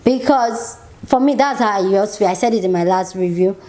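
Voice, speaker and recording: A woman's voice: medium pitch, normal speed, mellow. A woman giving a casual, opinionated reaction review of a TV show, chatty and exasperated, with frequent "like" fillers.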